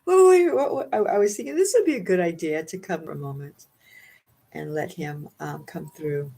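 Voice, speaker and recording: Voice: mid-range voice, animated, normal speed, vocal fry, mellow, low-quality recording. A spiritual card reader at home, chatting casually through an oracle card reading in a rambling, giggly way with many fillers.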